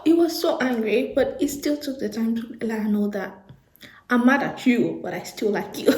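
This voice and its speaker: A young woman chatting casually to camera about books, gushing and animated, repeating herself and laughing often. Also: fairly high pitch. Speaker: book vlogger. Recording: echoey room.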